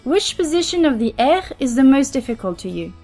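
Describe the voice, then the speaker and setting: French lady teaching pronunciation, kinda high voice, slow and careful, repeats drills. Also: very animated, darkish tone, faint music behind. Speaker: podcast host and French teacher. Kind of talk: pronunciation lesson.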